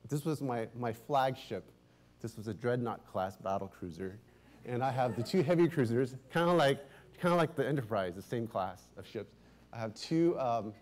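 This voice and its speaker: A middle-aged man preaching as a pastor, telling a story in a chatty, animated way, often restarting his sentences and laughing. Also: medium pitch. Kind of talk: casual storytelling sermon.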